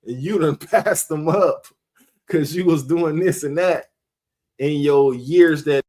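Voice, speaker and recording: A man's voice: on the high side, takes it slowly, warm tone. A man, a member of a religious group, giving a rambling, conversational preaching talk and laughing often.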